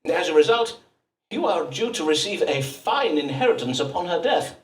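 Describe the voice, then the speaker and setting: An actor playing a self-important Elizabethan astrologer-doctor in a game, speaking in grand, archaic phrases. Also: male voice, a little high, sing-song, moderate pace, roomy sound, far from the mic. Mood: grandiloquent. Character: pompous Elizabethan astrologer-doctor, adult man.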